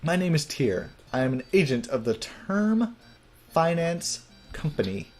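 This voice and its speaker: A prim fairy loan agent from a game who talks in a stiff, businesslike way, as a man voices her. The delivery moves up and down with lively pitch. Soft game music runs behind. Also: a little slow. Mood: formal. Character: prim formal fairy debt collector.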